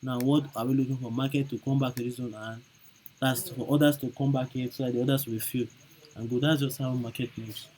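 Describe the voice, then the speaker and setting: A man's voice: mid-range voice, steady tone, a little fast, a little mellow, low-quality recording. A man teaching chart trading over a screen recording, repeating each point and checking in with "okay?" and "right?". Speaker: trading instructor.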